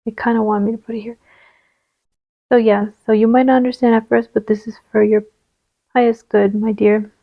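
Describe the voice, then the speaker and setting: A woman giving a channeled card reading, gentle and reassuring, sometimes dropping to a soft whisper as she places cards. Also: a little high, little pitch movement, normal speed, long pauses, narrow, tinny audio. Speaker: tarot reader.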